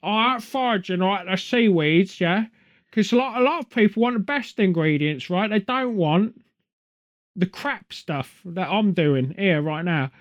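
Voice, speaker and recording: Guy doing a dubbed chef voice, soft cockney, plodding news dub, bit high. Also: animated, measured pace, muffled recording. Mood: mock-earnest. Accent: soft Cockney, put on.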